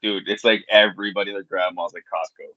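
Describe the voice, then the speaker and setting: A man co-hosting a podcast in casual chat, swearing freely and making blunt, deadpan asides. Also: low-pitched, fast talker, dry recording. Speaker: podcast co-host. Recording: slightly dull lo-fi mic.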